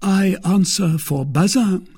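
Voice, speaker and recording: A man voicing a composed, precise male musketeer in a storybook reading, speaking in a measured way. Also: high-pitched, a little mellow, husky, pitched above the performer's own voice, full character voice.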